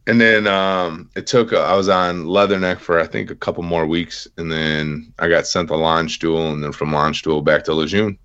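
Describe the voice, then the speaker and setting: A man's voice: sits low, fairly even intonation, moderate pace, hardly any pauses, a bit bright, smooth, lo-fi sound. A man in his thirties, a veteran guest on an interview podcast, telling his story plainly in a casual, self-deprecating way. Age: 30s.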